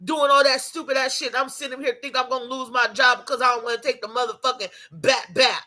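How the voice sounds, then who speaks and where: High, bright-voiced woman ranting. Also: fairly even intonation, fast talker. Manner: profane, rambling and heated, with many restarts. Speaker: YouTube vlogger. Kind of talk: off-the-cuff rant to camera.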